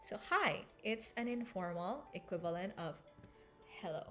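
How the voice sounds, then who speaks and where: A woman's voice: mid-range voice, expressive, normal speed, a bit bright, soft background music. A woman teaching an English lesson, explaining and repeating phrases to show intonation. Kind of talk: language lesson.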